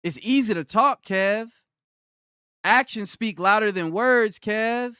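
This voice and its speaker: A man streaming live who fires back at his chat, combative and mocking, repeating himself for emphasis. His voice sits high for a man, with a smooth, clean tone. The sound is dry and close. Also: takes it slowly, pushed and bright, dry recording. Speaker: livestreamer. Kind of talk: livestream rant answering chat.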